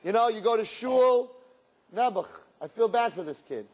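A man, a rabbi, giving an animated sermon to young people, sprinkling in Yiddish and Hebrew terms and swinging between loud and hushed. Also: very high voice, moderate pace, big-room sound.

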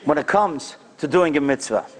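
Animated high-voiced rabbi telling stories. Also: male voice, moderate pace. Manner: animated, acts out the people in his stories with big jumps in pitch and loudness. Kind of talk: sermon storytelling.

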